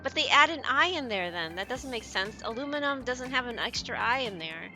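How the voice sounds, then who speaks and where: With soft music in the background, a woman streamer chats casually with viewers during a gaming stream, rambling, giggling often, and mocking herself. Her voice is a little high, pushed and bright, with lively intonation and a slightly fast pace.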